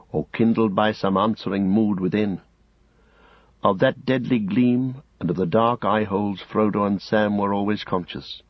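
A man narrating an audiobook in a measured, grave storytelling manner, close to the mic. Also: fairly low pitch, husky, no room sound. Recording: dull lo-fi audiobook recording.

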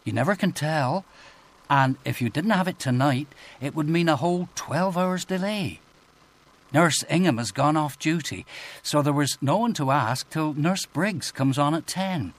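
A man's voice: a little high, animated, a little slow. A man voicing a big, anxious, rambling female nurse in an audiobook. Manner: hesitant, rambling.

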